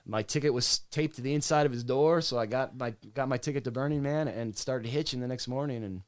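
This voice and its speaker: A man's voice: medium pitch, a little fast, no room sound. Laid-back, swearing singer-songwriter man. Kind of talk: casual storytelling.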